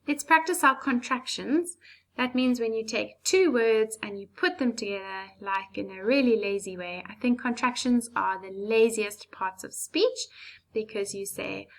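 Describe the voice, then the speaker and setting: A woman gives an English lesson for young children at a slow, deliberate pace. Her voice sits fairly high with a gravelly, creaky edge. She explains clearly and patiently and drops in playful asides. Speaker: primary school teacher.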